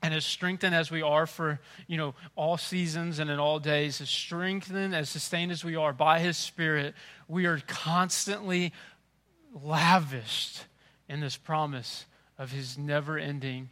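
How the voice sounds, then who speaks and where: A man preaching with a bright, ringing tone and a voice pitched a bit above the usual. He is middle-aged and swings between hushed, tender phrases and loud, impassioned emphasis. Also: steady tone, unhurried. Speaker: pastor. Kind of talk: sermon.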